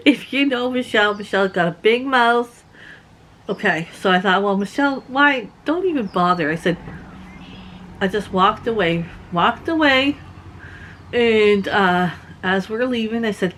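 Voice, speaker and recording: A woman from Canada casually telling personal stories as a vlogger, chatty and quick to laugh. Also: animated, fairly bright tone. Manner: chatty, laughs often, acts out quotes in a higher voice. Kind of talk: casual storytelling.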